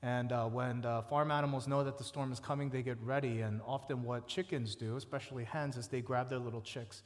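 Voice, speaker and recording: A man preaching a sermon, stacking words with rising force and dropping soft and low for quoted laments. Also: steady tone, brisk. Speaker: pastor. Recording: reverberant hall.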